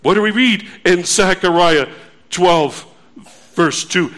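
A man's voice: high-pitched, slow, a bit bright. A man preaching a sermon, earnest and pleading, repeating phrases for emphasis.

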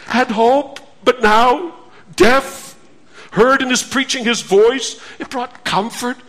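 Male preacher, very high voice, slow deliberate delivery, earnest and repetitive. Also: steady tone, fairly bright tone. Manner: slow, earnest, repeats phrases with rhetorical questions. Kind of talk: sermon.

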